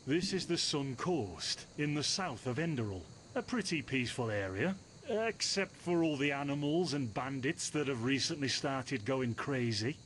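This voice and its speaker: A man's voice: medium pitch, expressive, moderate pace, a little hiss or hum, close to an everyday voice. A man voicing a friendly, talkative male herbalist in a game, speaking conversationally. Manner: friendly, conversational, gently teasing. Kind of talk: game voice acting.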